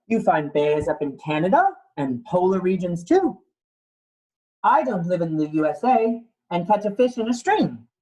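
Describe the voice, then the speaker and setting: A man's voice: high-pitched, very animated, normal speed, darkish tone, poor audio. A man doing an indignant koala. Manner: indignant rhyming rant with casual slang. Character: exasperated koala, fed up being called a bear.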